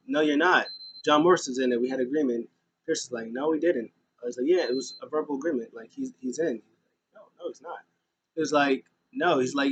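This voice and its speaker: A man talks through a wrestling show in a loose, rambling recap and keeps stopping on "uh" and "um". He slips into other people's lines as he quotes them. His voice sits at an ordinary middle pitch, with a faint hiss behind it. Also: rough recording. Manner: rambling, filler-heavy, acts out quotes. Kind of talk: casual recap vlog.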